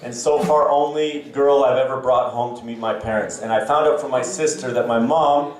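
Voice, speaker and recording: A man in his thirties from Canada works a stand-up set into a handheld mic. He talks in a halting, self-mocking way, full of ums and restarts. The sound is very echoey, as if caught from a distance in the room. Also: medium pitch, steady tone, a little hiss or hum. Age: 30s. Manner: self-deprecating, halting with many fillers. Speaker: stand-up comedian. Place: comedy club stage. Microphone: handheld stage mic.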